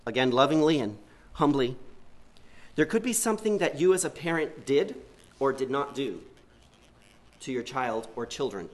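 A man preaching a sermon in an earnest way, often asking his listeners rhetorical questions. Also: mid-range voice.

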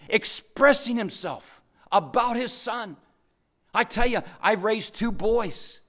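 An older man preaching a sermon in an earnest, fervent way, slowing to stress key phrases. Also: sits high, fairly bright tone.

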